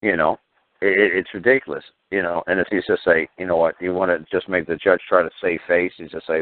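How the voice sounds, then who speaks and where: Gruff man ranting over a phone line. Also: low voice, fairly even intonation, a little fast, no room sound. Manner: blunt, profane and combative, acts out courtroom exchanges. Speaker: talk show host. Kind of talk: ranting radio call-in talk. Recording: tinny phone-line audio.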